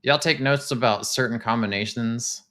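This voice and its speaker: Chatty man, bright tense voice. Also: medium pitch, moderate pace. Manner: chatty, excitable, talks to chat. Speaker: streamer touring game houses. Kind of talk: casual live-stream commentary.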